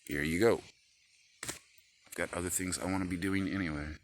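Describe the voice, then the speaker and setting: A man's voice: deep voice, fairly even intonation, normal speed. A man rambling into his phone camera in an agitated, profane rant. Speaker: vlogger.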